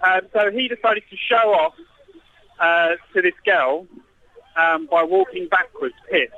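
A man calling in from a festival, relaxed and a bit tipsy, speaking over a phone line. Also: sits high, a little slow. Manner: tipsy, laid-back. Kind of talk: casual phone chat.

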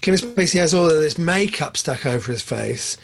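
A man co-hosting a podcast, chatting casually about films, excitable and jumping up in pitch when enthused. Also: a little fast, creaky. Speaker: podcast co-host. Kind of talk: casual film chat.

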